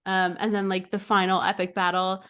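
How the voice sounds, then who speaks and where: A woman's voice: mid-range voice, flat delivery, a little fast, a bit bright, clear, resonant tone. A young woman co-hosting a podcast, chatting casually and giggling as she acts out jokes. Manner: giggly, acts out silly voices mid-story. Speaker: podcast co-host. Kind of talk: casual chat.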